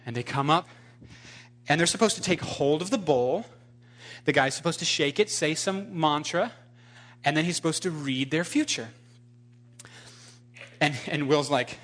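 A male pastor delivering a sermon, animated and emphatic as he tells a story and drives his point home. His voice is bright and forceful, sitting on the higher side for a man. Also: moderate pace, pauses often.

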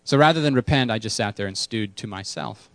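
A man's voice: medium pitch, a little fast, gravelly, dry recording. Candid, self-mocking male pastor. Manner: candid, self-deprecating, repeats words for emphasis. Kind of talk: casual sermon with congregation.

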